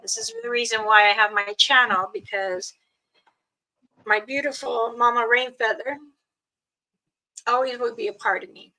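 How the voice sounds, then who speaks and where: A woman's voice: a little high, lively intonation, moderate pace, long pauses, bright, forceful tone, low-quality recording. An older woman from Montana telling family stories on her channel in a rambling way, with chuckles. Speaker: storyteller, channel host. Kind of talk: casual storytelling.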